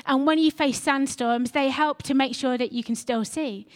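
A woman's voice: high-pitched, normal speed, lightly acted. A woman voicing a patient mother camel in a told story, explaining things to her son.

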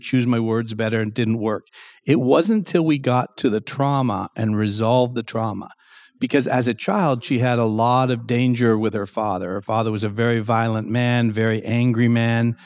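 A man's voice: mid-range voice, darkish tone, dry recording, clean studio sound. A man, a guest expert in an interview, explaining at length and acting out quoted speech in a raised voice.

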